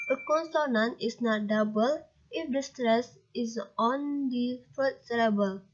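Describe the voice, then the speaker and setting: A young Indonesian-accented woman reads a grammar lesson aloud, pausing at almost every word and spelling out letters. Her voice sits fairly high, and the pace stays very slow. The recording sounds dull and lo-fi. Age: young adult. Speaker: student presenter.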